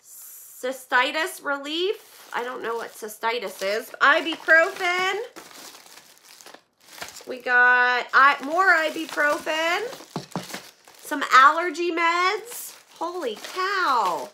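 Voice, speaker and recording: Casual vlogger mom, bright tone, unhurried gushing delivery, lots of fillers. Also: female voice, high voice, lively intonation, slight background noise. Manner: gushing, effusive thanks, fillers like "like" and "oh my gosh". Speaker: vlogger opening viewer donations. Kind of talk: casual live chat to viewers.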